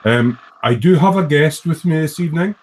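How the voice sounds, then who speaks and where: A man's voice: a little high, lively intonation, normal speed, darkish tone. A man casually hosting a workshop live stream, rambling and friendly with lots of fillers, talking into a laptop mic. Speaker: livestream host, hobby model maker. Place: home workshop at his bench. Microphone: laptop built-in mic.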